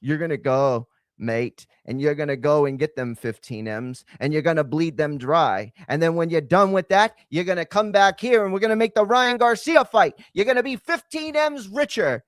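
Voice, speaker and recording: A man's voice: fairly high pitch, normal speed, few pauses, no room sound, clean studio sound, close to an everyday voice. A man voicing a scheming middle-aged British boxing promoter, in an exaggerated mock British accent full of slang. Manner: exaggerated cockney slang, sly persuading.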